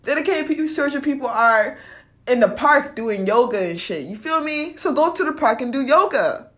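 A young woman vlogging a blunt, profane motivational monologue, swinging between loud ranting and quiet confession. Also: sits high, expressive, normal speed.

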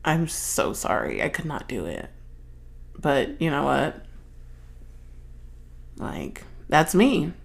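A young adult woman hosting her own podcast, chatting casually and expressively, swearing and jumping high when acting out stories. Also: very animated, slow pace, vocal fry, long pauses. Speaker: podcast host. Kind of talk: casual solo chat.

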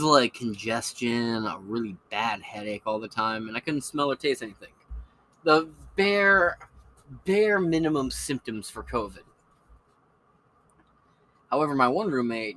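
A man's voice: mid-range voice, sharp tone, a little hiss or hum, rough recording. A man hosting a podcast, rambling in a casual, profane, opinionated monologue. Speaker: podcast host.

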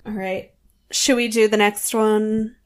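A woman's voice: mid-range voice, fairly even intonation, slow pace, smooth. Sarcastic woman podcast co-host. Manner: sarcastic, reads from her notes, mock-dramatic asides. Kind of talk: casual chat recapping a reality show.

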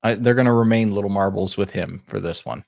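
Laid-back low-voiced male co-host. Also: a little fast, gravelly, darkish tone, dry recording, clean studio sound. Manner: laid-back, offhand, joking. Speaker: podcast co-host. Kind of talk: casual podcast chat.

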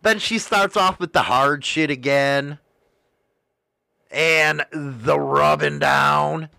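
Male host, crude and profane rambling storyteller, bright voice, slow delivery. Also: fairly high pitch, creaky, no room sound, clean studio sound. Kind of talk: casual storytelling.

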